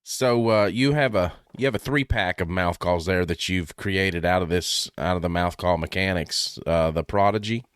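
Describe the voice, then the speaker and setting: A man's voice: deep voice, normal speed, hardly any pauses, a bit bright, clean tone, no echo, clean studio sound. A man hosting a casual podcast interview, talking in an upbeat, affirming, conversational way. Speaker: podcast host.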